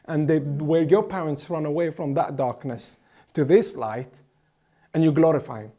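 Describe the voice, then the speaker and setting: Giving impassioned political commentary as an interview guest, this man from the Middle East speaks emphatically at normal speed, often restarting and repeating words. His voice sits fairly high but sounds dark and mellow.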